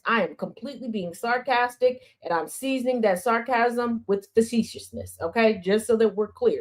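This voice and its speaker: A woman hosting an opinionated commentary stream, sassy and sarcastic, hammering points with rhetorical questions and repetition. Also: a little high. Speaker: news commentary host.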